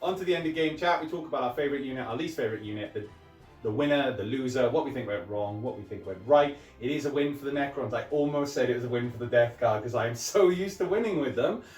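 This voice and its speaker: A man's voice: mid-range voice, animated, fast talker, darkish tone. A man hosting a tabletop wargame channel, talking through dice rolls in a joking, self-deprecating way. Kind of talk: casual tabletop game commentary. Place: game room. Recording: echoey room with music underneath.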